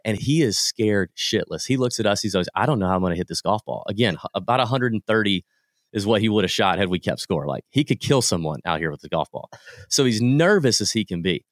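A man, a guest on a podcast, telling lively anecdotes in a casual way and acting out the people he quotes. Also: on the low side, brisk, dry recording, clean studio sound. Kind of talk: casual storytelling.

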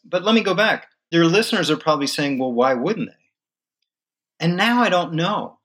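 Emphatic man explaining league legal matters. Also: fairly high pitch. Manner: animated, emphatic storytelling with occasional laughs. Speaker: guest legal and sports business analyst. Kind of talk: conversational explanation in a podcast interview.

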